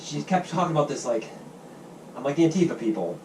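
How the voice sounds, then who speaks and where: A man hosting a podcast, telling stories quickly and crudely and acting out other people's lines. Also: a little high, big pitch swings, background noise. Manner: fast, profane storytelling, acts out quotes. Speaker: podcast host. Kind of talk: casual chat. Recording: echoey room, mic at a distance.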